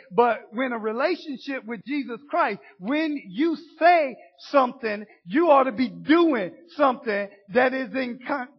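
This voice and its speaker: High-voiced husky preaching man. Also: dull audio. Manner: folksy, call-and-response preaching with rising emphatic bursts. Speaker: pastor. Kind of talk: sermon.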